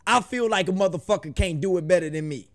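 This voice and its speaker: High-voiced man joking to his viewers. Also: fast talker. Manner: laid-back, joking, talks straight to viewers. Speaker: reaction video host. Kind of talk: casual reaction commentary.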